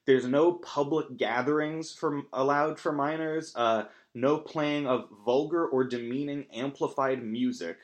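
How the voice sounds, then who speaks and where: A man's voice: mid-range voice, measured pace, few pauses. A man casually recapping a movie, rambling with sarcastic asides and many fillers.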